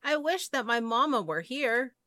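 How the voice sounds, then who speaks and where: A tiny lost girl piglet from a storybook, high and small, swooping between sobbing and squealing with delight, as a woman puts her on. The voice is bright and sharp and dry, close to the mic. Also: animated, moderate pace, no room sound. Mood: tearful. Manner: small pleading voice, pitched up high. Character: scared little girl piglet, weepy then joyful.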